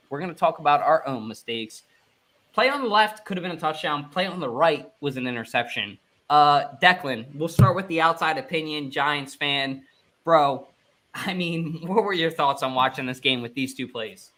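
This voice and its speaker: Bright, excitable young podcast host. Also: male voice, fairly high pitch, moderate pace. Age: 20s. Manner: excitable, joking, hype-man energy. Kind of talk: casual sports podcast chat.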